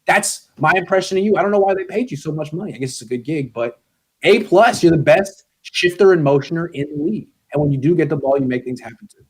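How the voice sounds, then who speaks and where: A man with a fairly high voice chats on a sports podcast. He talks to players as if they sat across from him, blunt and sarcastic as he hands out grades. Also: animated, fast, husky. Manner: blunt, sarcastic, grading players as if addressing them. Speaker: guest sports commentator. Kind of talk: casual podcast chat.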